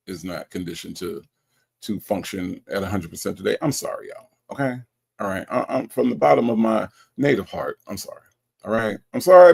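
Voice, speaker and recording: A man hosting a livestream whose voice has a gravelly, fry-laden edge. He reads viewer comments aloud and reacts to them in an animated, teasing way. His pitch sits in the middle.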